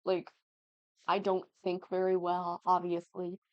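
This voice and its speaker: Her voice sits on the low side, delivered in a monotone and at an unhurried pace, as this 19-year-old gaming YouTuber chats at home over gameplay. She rambles, giggles and skips between thoughts. The dull, lo-fi recording is dry.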